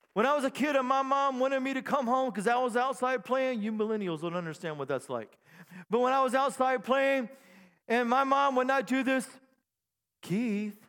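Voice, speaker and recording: Man, pastor, animated sermon, high voice, shouted bursts, long church-hall reverb. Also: clean tone. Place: church sanctuary.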